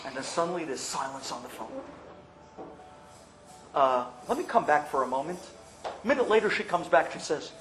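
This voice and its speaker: A man telling a story on the radio in an animated way, swinging between hushed and loud. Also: a little high, moderate pace, pauses often, slight background noise. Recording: roomy echo with faint ambience.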